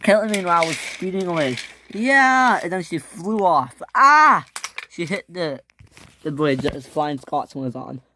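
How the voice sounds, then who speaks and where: A storyteller narrating a home-made toy train adventure, with halting restarts and filler words. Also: medium pitch, a bit bright, a little hiss or hum.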